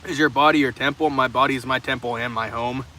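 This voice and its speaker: Rambling young male streamer, bright voice. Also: mid-range voice, fairly even intonation, fast talker. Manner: rambling and profane, with many stammered restarts. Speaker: live streamer. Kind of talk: casual chat answering viewers' comments. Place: outdoors, sheltering in the open trunk of a car in the rain. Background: faint rain and passing traffic.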